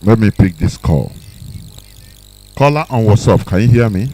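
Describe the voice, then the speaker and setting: A man's voice: fairly low pitch, lively intonation, moderate pace, dark tone, slight background noise, rough recording. A man hosting a live call-in radio show. He scolds callers sternly and repeats his words. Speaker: radio host.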